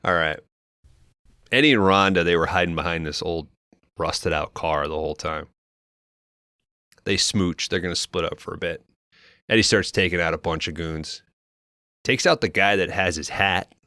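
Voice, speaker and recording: A very low-voiced man walks through a movie plot in loose, profane podcast chatter, tossing in characters' lines as he goes. His tone is bright and pushy, and the sound is dry and close. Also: moderate pace, long pauses, dry recording. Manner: loose, profane storytelling with quoted asides. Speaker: podcast co-host recapping a film. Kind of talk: casual movie recap chat.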